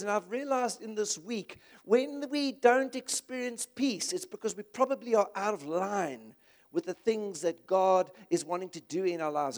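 Male preacher, high voice, impassioned conversational sermon delivery. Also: a little mellow.

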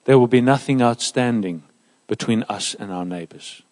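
A man preaching a sermon in a church, emphatic and lively, dropping into soft asides. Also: medium pitch, normal speed. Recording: reverberant church hall.

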